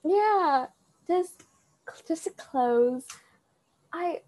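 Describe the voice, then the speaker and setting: A woman's voice: extremely high pitch, lively intonation, very slow, darkish tone. A young woman talking straight to a friend in a rambling, heartfelt monologue, full of fillers and restarts, standing up as she speaks. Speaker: vlogger addressing a friend. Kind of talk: emotional casual monologue.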